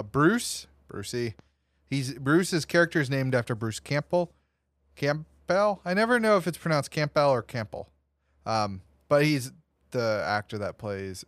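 A man's voice: lowish voice, no room sound. A man hosting a casual movie podcast, rambling through his notes with lots of fillers and restarts. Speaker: podcast host.

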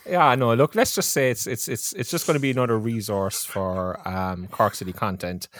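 A man co-hosting a football podcast, talking in a steady, matter-of-fact way. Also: on the low side, normal speed, no echo. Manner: steady, matter-of-fact, reads a list aloud. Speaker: podcast co-host. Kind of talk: casual chat.

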